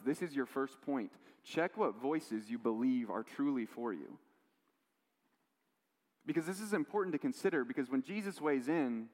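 A man preaching a sermon, telling stories in a lively way with quoted voices and asides. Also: medium pitch. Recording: long hall reverb.

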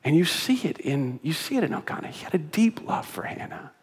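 A man preaching from the pulpit with a fairly high voice. He punches his main points and then sinks into quiet, hushed asides, often repeating a phrase as he goes. The sound has the long reverb of a church sanctuary. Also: sing-song, fairly quick, breathy edge. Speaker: pastor. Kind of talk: sermon.

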